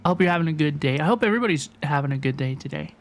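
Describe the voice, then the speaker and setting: Rapid-fire and lively in intonation, this young man's voice is on the high side. He's chatting casually with viewers during a gaming livestream, playful and prone to repeating his phrases.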